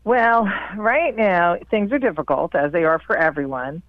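A woman calling in to an advice show, speaking in a hesitant, halting way. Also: fairly low pitch, expressive, no echo. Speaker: caller. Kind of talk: call-in phone conversation. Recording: tinny dry phone line.

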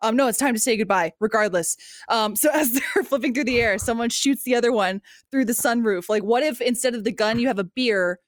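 A woman's voice: on the high side, a little fast, no echo, clean studio sound. A woman on a podcast, telling stories and teasing the others in casual chat. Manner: storytelling, teasing. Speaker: podcast regular.

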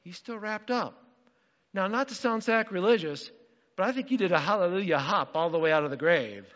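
A man preaching a sermon as pastor, animated and acting out the voices in the story. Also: high voice, brisk, big-room sound, muffled recording. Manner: animated, acts out quotes.

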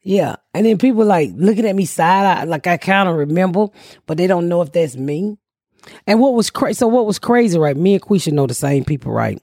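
A middle-aged woman from Atlanta, a podcast host telling a story in a profane, animated way and shouting out quotes. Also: lowish voice, a little fast, no room sound, clean studio sound. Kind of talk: casual storytelling chat.

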